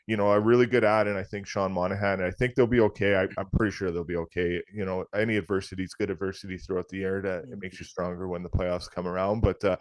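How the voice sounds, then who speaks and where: A man with a Canadian accent hosting a hockey podcast, asking halting questions full of fillers. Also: deep voice, no echo. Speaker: podcast host. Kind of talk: podcast interview.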